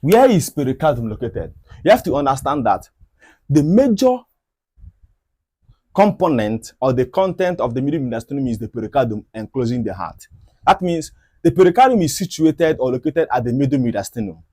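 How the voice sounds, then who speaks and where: A man's voice: medium pitch, big pitch swings, fairly quick, a little mellow, dry recording, studio quality. A man teaching a medical anatomy lesson over diagrams. He often repeats key points and asks rhetorical questions. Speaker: medical educator.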